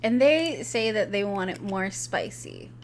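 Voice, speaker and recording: A woman's voice: mid-range voice, sing-song, a little slow, a little hiss or hum. A young woman co-hosting a podcast, chatting casually about a movie and peppering her speech with "like". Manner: easygoing, heavy use of "like". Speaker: podcast co-host. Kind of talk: casual chat recapping a movie.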